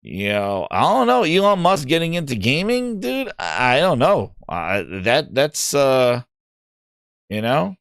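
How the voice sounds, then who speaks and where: A man's voice: mid-range voice, wildly swooping pitch, unhurried, creaky, clear, resonant tone, no echo, clean studio sound. A man hosting a gaming podcast, talking in a rambling, casual way with lots of fillers and restarts. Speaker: podcast host.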